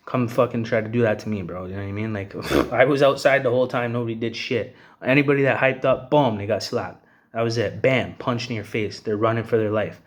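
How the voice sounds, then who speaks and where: A man's voice: mid-range voice, brisk. An agitated man giving a heated, profane rant, with the filler "you know what I mean" coming up again and again. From Canada. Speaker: vlogger. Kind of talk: angry rant to camera.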